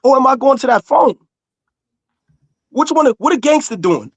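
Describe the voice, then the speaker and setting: A man's voice: very high-pitched, lively intonation, normal speed, no room sound. A man, arguing heatedly in casual talk, insistent and repeating himself to be heard. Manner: insistent, repeats himself, talks over others.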